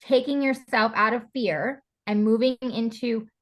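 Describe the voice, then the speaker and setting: A woman's voice: fairly high pitch, unhurried. A woman being interviewed on a podcast, talking openly and from the heart, with lots of "like" and "you know" along the way. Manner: open and heartfelt, with frequent fillers like "like" and "you know". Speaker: podcast guest, stylist and breathwork coach. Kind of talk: candid conversational interview.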